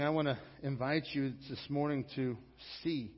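A male pastor giving a sermon, emphatic, rising to loud appeals to the congregation. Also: mid-range voice, fairly even intonation, normal speed. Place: church sanctuary. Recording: dull audio with long church reverb.

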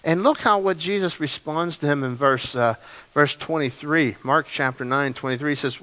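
A man preaching a sermon as pastor, animated, often repeating his words and acting out the lines of the story. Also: medium pitch, normal speed.

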